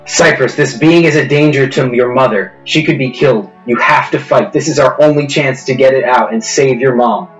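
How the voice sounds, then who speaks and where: A man's voice: medium pitch, moderate pace, few pauses, close to an everyday voice. A man voicing a desperate father who pleads earnestly with his daughter. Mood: urgent. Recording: roomy echo, dull sound, faint music.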